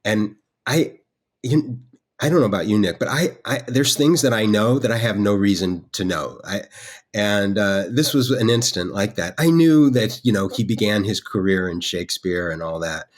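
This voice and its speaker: Low-voiced man telling a rambling story. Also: moderate pace. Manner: rambling, with many restarts and fillers. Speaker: guest artist. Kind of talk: storytelling in conversation.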